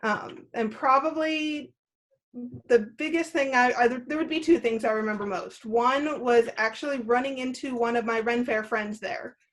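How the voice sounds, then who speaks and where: A woman in her thirties with a fairly high, slightly bright voice speaks at normal speed as a guest on an interview show. She answers in an easygoing, casual way, often saying "uh" and "um".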